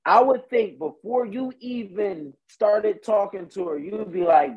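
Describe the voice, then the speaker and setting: Man, husky voice, high and lively pitch, insistent, dull lo-fi sound. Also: unhurried, few pauses. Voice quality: insistent, repeats "look". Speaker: podcast co-host. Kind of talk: casual chat.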